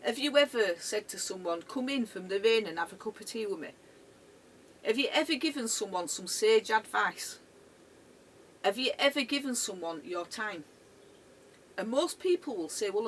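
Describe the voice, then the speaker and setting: A woman's voice: medium pitch, a bit bright. A middle-aged woman shares a personal memory in an earnest, conversational way. She sits some distance from the microphone. A faint hum of ambient noise runs underneath her voice. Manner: earnest, conversational, emotional retelling. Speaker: vlogger. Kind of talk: personal storytelling monologue.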